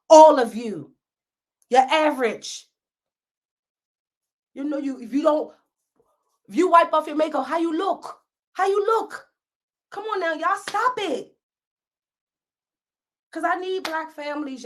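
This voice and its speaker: A woman hosting a podcast, ranting at her listeners in a blunt, profane, scolding way, swinging between loud outbursts and hushed asides. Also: on the high side. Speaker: podcast host. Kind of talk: unscripted rant to listeners.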